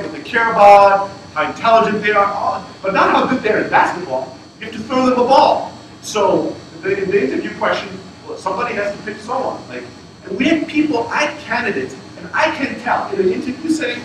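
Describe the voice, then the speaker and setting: A man giving a casual fireside talk to an audience, telling stories in a blunt, profane and emphatic way. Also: high voice. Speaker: startup founder speaking at a fireside chat. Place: event room with an audience. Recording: far-off echoey room with loud noise.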